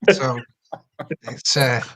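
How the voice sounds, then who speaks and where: A man on a rugby fan panel, speaking in a measured, wry way. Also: medium pitch, fairly bright tone, a little hiss or hum. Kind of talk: casual panel chat.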